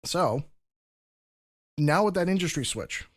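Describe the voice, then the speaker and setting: A man with a somewhat high voice co-hosts a casual podcast and lays out his points in long, run-on explanations, restarting phrases as he goes. The sound is close and dry, with no room around it. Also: animated, takes it slowly, no echo. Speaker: podcast co-host.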